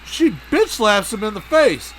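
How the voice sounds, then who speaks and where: Brief: male podcast co-host, fairly high and bright voice, profane rambling storyteller, faint noise behind. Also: very animated, measured pace. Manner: crude, rambling, acts out voices.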